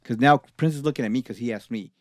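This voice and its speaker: A man's voice: medium pitch, fast talker, no room sound. A man, a recording engineer, telling casual profane stories as a podcast guest. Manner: profane, animated anecdotes with laughs. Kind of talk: casual storytelling.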